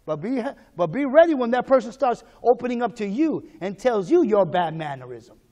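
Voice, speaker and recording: A man pastor preaching a sermon, calling the congregation to repeat after him, moving between hushed prayer and loud exhortation. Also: high-pitched, very animated, normal speed.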